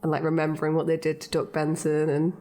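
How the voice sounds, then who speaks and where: A woman co-hosting a podcast in casual chat, lively and chatty, often laughing. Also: low voice, quick pace. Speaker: podcast co-host.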